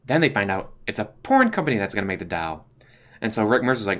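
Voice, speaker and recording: A man's voice: on the low side, big pitch swings, fast, a bit bright. A young man, casually reviewing TV shows in a rambling way, full of fillers and restarts. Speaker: YouTube host.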